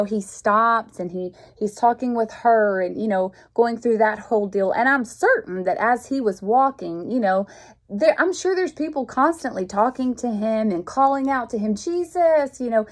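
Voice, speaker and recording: A woman, reading and explaining a Bible passage in a folksy, conversational way. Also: a little high. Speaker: Bible teacher. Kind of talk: informal devotional teaching.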